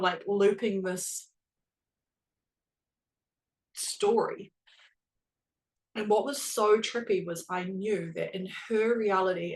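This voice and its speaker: In a fairly low voice on a low-quality recording, a woman hosting a spiritual podcast tells a personal story. She's chatty, earnest, and emotional, filling her speech with "like."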